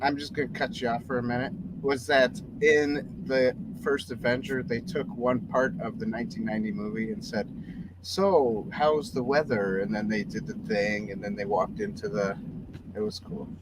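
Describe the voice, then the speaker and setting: A man's voice: medium pitch, normal speed, heavy background noise. A man co-hosting a podcast, joking and cutting in during casual chat. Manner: jokey, interrupts, animated. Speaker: podcast co-host.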